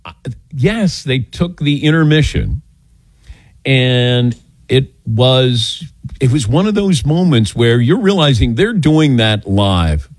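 Animated older male radio host. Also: mid-range voice, takes it slowly, no echo. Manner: animated storyteller, acting out quotes. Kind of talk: call-in talk radio.

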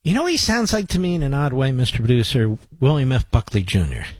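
A man's voice: mid-range voice, very animated, fast, breathy edge, no echo, low-quality recording. A man hosting a talk radio show, speaking emphatically and piling up repeated phrases for force. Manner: emphatic, forceful, building in repetition. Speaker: radio host.

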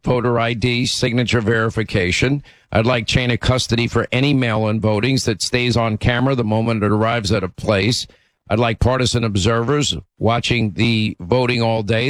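A man's voice: medium pitch, no room sound. A man hosting a call-in talk radio show, speaking emphatically and often restarting his sentences. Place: radio studio.

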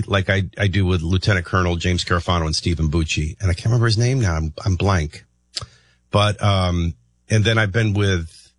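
A male talk radio host with a husky voice that swings up and down a lot. He rambles and thinks out loud, often restarting his sentences. The studio sound is dry and close. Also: fairly low pitch, dry recording. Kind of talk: morning talk radio commentary.

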